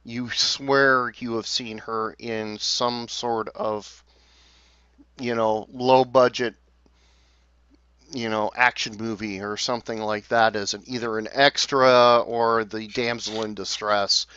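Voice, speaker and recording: A man running a tabletop game as game master, talking haltingly with many fillers and restarts. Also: mid-range voice, steady tone, sharp tone, clear, resonant tone, dry recording, dull audio.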